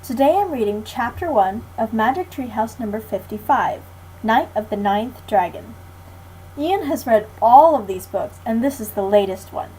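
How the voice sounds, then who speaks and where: A teenage girl reads a children's chapter book aloud to a class. She keeps a friendly, clear read-aloud manner, and her voice sits fairly high. A faint hiss runs under the recording. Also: animated, moderate pace, mellow, rough recording. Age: teens. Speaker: guest reader.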